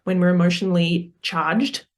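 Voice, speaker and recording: A woman's voice: fairly low pitch, moderate pace. Earnest woman coaching parents. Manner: earnest, explanatory, many fillers and restarts. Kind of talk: conversational podcast interview.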